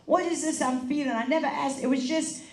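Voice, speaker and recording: A high-voiced woman evangelist preaches a charismatic sermon with fervent, rhythmic swells in volume. She sounds distant from the mic, her voice ringing through a reverberant meeting hall. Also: steady tone, brisk, a little mellow. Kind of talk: charismatic sermon with prophetic prayer. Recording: echoey hall, voice from far off.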